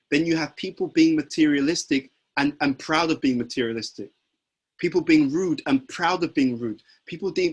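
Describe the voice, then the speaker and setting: Man, devotional sermon, husky voice, rhetorical questions. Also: fairly high pitch. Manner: rhetorical questions, self-answering with "huh?". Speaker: preacher. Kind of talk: devotional lecture.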